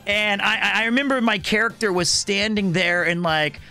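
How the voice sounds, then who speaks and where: A high-pitched man with a bright, forceful voice, telling a story on a livestream. He talks casually, swears freely and acts out the people he quotes. He stays animated throughout. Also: moderate pace, clear, resonant tone, soft background music. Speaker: streamer.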